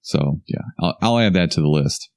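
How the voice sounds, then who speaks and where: A man's voice: low voice, lively intonation, moderate pace, vocal fry, a little mellow, smooth. A young man co-hosting a podcast in casual chat, joking wryly with a dry, sarcastic edge. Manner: wry, joking, a little sarcastic. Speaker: podcast co-host.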